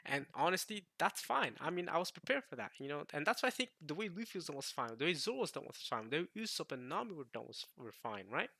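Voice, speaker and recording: A man's voice: on the high side, sing-song, fast talker, gravelly, few pauses, bright, forceful tone, husky, no room sound. A man vlogging, giving an emphatic, rambling opinion rant in casual talk. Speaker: anime vlogger.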